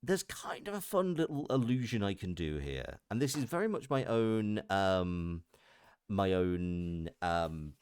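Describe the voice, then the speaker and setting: A man's voice: deep voice, big pitch swings, a little slow, a little mellow, smooth, no room sound. A man with a Merseyside accent chatting on a live stream as a voice actor, explaining his thinking in a thoughtful way. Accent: Merseyside English. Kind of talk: casual chat on a live stream.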